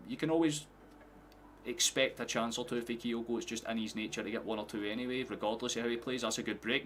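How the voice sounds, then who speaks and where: A man's voice: medium pitch, fast talker, a little hiss or hum. A young Scottish man live-streaming his reactions to a football match, chatting to viewers and swearing freely. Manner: excitable, swears often, erupts into shouting at goals.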